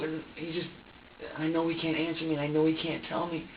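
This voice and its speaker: A distressed man being questioned in an interrogation room, talking in halting, repetitive bursts and swearing often. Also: a little high, level tone, slight background noise. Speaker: interrogation suspect. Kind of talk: emotional confession under questioning. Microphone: security camera from a distance. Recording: dull roomy distant security-camera audio.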